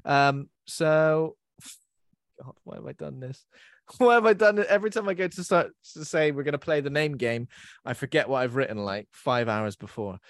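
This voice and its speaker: A man's voice: on the high side, normal speed, no echo, studio quality. Giggly, self-mocking male podcast host. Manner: giggly, self-mocking, stumbling over words. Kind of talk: casual podcast chat.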